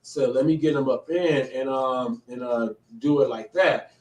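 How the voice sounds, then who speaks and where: A man's voice: mid-range voice, measured pace, darkish tone. A man hosting a casual live interview, talking in a rambling, slangy way with many restarts. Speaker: host. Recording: echoey, distant from the mic.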